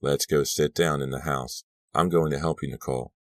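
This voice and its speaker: A man voicing a calm, sinister teenage boy who speaks softly and slowly. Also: extremely low pitch, no echo. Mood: soothing. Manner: soft, murmuring, slow.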